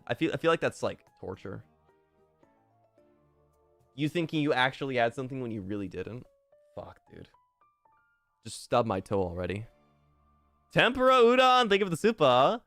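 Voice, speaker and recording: A young man streaming and casually chatting while reading fan messages, swearing often and jumping into loud outbursts. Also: on the low side, moderate pace, vocal fry, pauses often, no room sound, soft background music. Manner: excitable, swears a lot, swings to loud outbursts.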